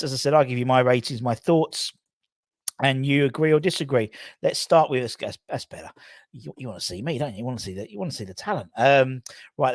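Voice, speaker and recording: Guy chatting on a fan live stream, mid pitch, keeps restarting sentences, dry close sound. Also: dry recording. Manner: rambling, hedges with many "I think"s and restarts. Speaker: football fan channel host. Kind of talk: casual live-stream chat reading viewer comments.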